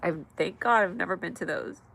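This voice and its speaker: A woman hosting a casual livestream from her mother's house at night, chatty and rambling, reading the chat aloud with frequent laughs and sudden excited shouts. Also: fairly low pitch, brisk, creaky, slight background noise. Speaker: livestream host.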